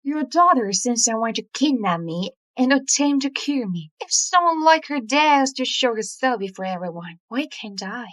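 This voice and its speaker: An actress playing a composed young ex-wife who answers with calm, cutting replies in a short drama. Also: female voice, fairly high pitch, normal speed, hardly any pauses. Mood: defiant.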